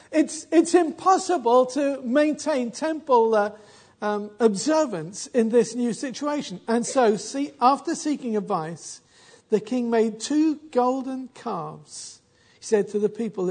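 A man's voice: very high-pitched, lively intonation, unhurried, darkish tone. A man giving a conversational Bible history talk, wry and dry-humored, often restarting his sentences. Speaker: Bible teacher.

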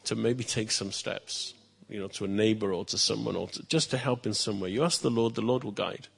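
A male pastor telling a story to children in church, lively, with chatty asides. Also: on the low side, vocal fry, slightly rough.

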